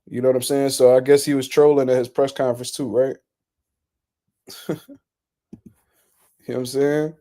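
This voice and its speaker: A man's voice: mid-range voice, flat delivery, moderate pace, long pauses, dark tone. A man hosting casual boxing reaction commentary, ranting in a blunt, profane, incredulous way.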